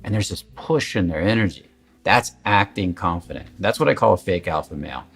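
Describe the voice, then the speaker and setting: A man's voice: deep voice, animated, brisk, creaky, fairly bright tone, breathy edge. A man giving a candid, emphatic coaching talk in a casual, conversational way, swearing at times. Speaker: confidence coach.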